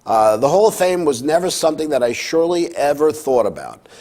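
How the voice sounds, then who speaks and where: A man co-hosting a sports talk show, telling stories in a casual, chatty way. His pitch swings up and down as he goes. He reads quotes aloud and fills his pauses with "uh". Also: very animated, mellow.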